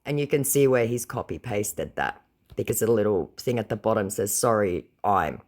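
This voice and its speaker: A woman's voice: extremely low pitch, animated, fairly quick, dark tone. A woman retelling a chat with a scammer aloud, sarcastic and mocking. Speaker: scam-baiting creator.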